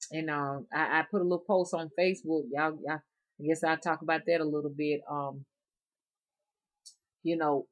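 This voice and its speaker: Folksy low-voiced Southern woman. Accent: Southern US, Alabama. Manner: rambling, folksy, chuckling often. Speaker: rootworker vlogger. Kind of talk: casual chat to viewers.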